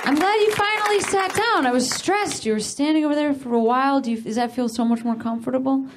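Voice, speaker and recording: A woman hosting a comedy show, teasing audience members in quick crowd-work banter from the stage. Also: high voice, noisy background. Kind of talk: crowd work between acts. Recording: live club with audience laughter.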